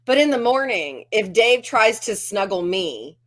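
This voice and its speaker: A woman's voice: mid-range voice, very animated, unhurried. A woman chatting casually over a video call, telling stories and acting out what others say. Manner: chatty storyteller who acts out quotes. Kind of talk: casual chat.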